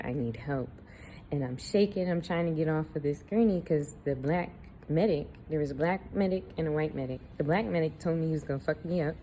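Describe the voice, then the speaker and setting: A woman's voice: deep voice, warm tone, a little hiss or hum, poor audio. A woman candidly telling a personal story to camera, blunt and swearing freely, with laughs between lines. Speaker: vlogger.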